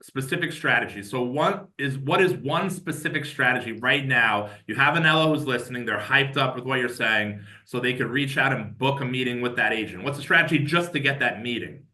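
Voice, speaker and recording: A man hosting a casual podcast interview, asking energetic, probing questions. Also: medium pitch, brisk, hardly any pauses. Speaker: podcast host.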